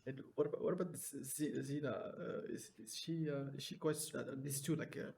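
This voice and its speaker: A man's voice: fairly high pitch, steady tone, fairly quick, creaky, a little mellow, slight background noise. A man playing in a tabletop game, asking questions in a hesitant, inquisitive way. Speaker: player. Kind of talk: tabletop role-play.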